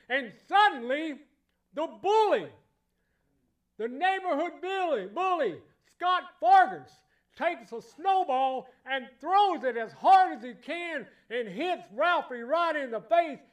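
A man preaching a sermon in church, emphatic and repetitive, building to loud exclamations. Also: very high voice, expressive, slow pace.

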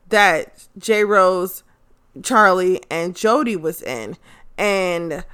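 Young woman host, bright tense tone, quick profane wrestling recap with lots of "uh"s. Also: mid-range voice. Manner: excitable, swears freely, loses track of names. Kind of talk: casual recap of a wrestling show.

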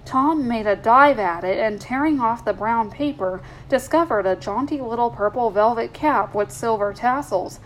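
Woman reading a story, higher voice. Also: moderate pace, few pauses, a little hiss or hum, poor audio. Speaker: story reader.

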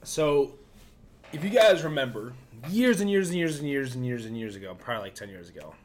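A man's voice: medium pitch, animated, fairly quick. A man co-hosting a casual podcast, telling a story in a laid-back way and acting out the quotes. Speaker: podcast co-host.

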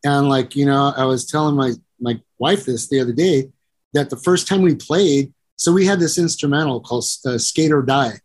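At a medium pitch and normal speed, a middle-aged man who makes music and produces it tells long, rambling, profane stories in a casual interview. He acts out the other people's voices, with "you know" coming up constantly.

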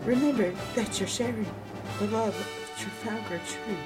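A woman reads a children's storybook aloud, gentle and unhurried, her voice in a middle register. Her tone often falls to a near hush. Music plays clearly behind her. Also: mid-range voice. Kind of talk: storybook reading. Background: background music.

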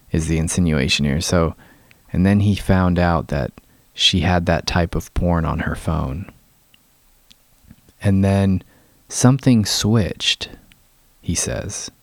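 Mocking man ranting, gravelly and low. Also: dry recording, clean studio sound. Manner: incredulous and mocking. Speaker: vlogger. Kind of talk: ranting commentary.

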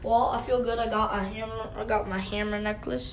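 A teenager chatting casually in a laid-back way. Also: female voice, fairly high pitch, steady tone, brisk, a little hiss or hum. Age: teens. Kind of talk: casual chat.

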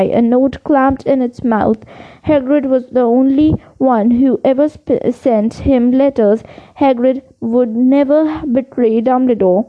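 Amateur audiobook reader: a woman with a high voice who stumbles now and then, muffled recording. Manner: stumbles and restarts words. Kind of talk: storybook read-aloud. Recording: dull lo-fi recording.

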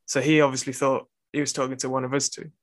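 A man's voice: mid-range voice, flat delivery, fast talker, no echo. A young man, a university student, telling a rambling story in casual chat, full of fillers and restarts.

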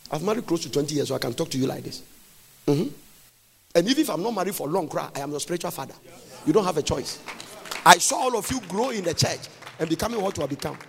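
A pastor in his forties preaching in a large church, swinging between sing-song phrases and sudden shouts. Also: a little high, creaky, breathy edge. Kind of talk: sermon. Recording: long church reverb.

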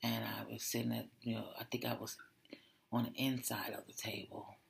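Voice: mid-range voice, little pitch movement, normal speed, gravelly. A podcast host telling a personal story in a reflective way, often dropping to a whisper and repeating words. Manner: repeats words and restarts when emotional.

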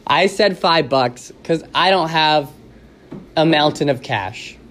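Man, podcast host, raised pitch, casual chat, rambling, jokey, lots of fillers. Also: takes it slowly, fairly bright tone, slight background noise. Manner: rambling and joking, with many fillers and restarts.

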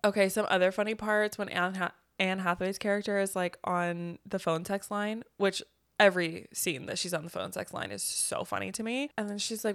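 A woman's voice: mid-range voice, a little fast, gravelly, no room sound, studio quality. A young woman co-hosting a podcast, chatting casually about a movie and acting out lines from it. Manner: chatty, quotes film lines in animated voices. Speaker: podcast co-host.

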